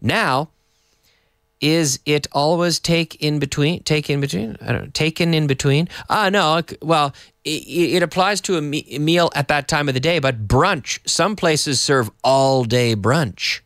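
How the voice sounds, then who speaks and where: Relaxed man teaching English, dry sound. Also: medium pitch, no echo. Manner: relaxed, explains slowly with Spanish glosses. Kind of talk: live online English lesson.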